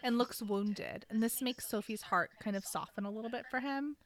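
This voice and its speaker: A woman's voice: fairly high pitch, moderate pace. A woman casually recapping a book on a podcast, playfully acting out characters' lines with sarcasm and the odd swear word. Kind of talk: casual chat.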